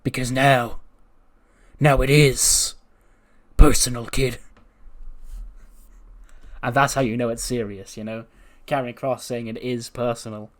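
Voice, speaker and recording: Man, gaming YouTuber, casual game commentary, laughs often, animated, medium pitch. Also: a little slow, long pauses.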